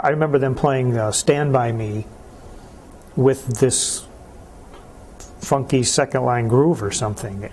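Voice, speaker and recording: A man interviewing a musician, asking his questions in a measured, pausing way. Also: mid-range voice, a little mellow, slight background noise. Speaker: interviewer, archive host.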